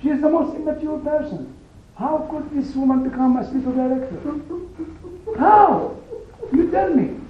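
This man's voice is very high as he leads his Bible study group through a story, pausing to punch individual words with animated emphasis. The echo of the room comes through on what sounds like a phone recording.

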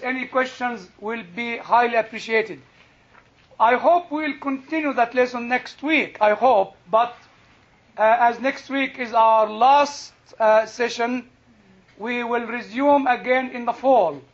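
An older man with a husky voice, teaching a class on Christian faith in a slow, deliberate, emphatic way. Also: very high-pitched, muffled recording. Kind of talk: lecture to a class.

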